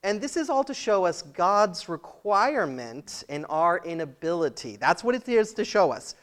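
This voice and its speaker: Fairly high-voiced man preaching casually. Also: sing-song, normal speed, fairly bright tone. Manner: conversational, laughs often, asks the audience questions. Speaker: pastor. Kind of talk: sermon. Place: church.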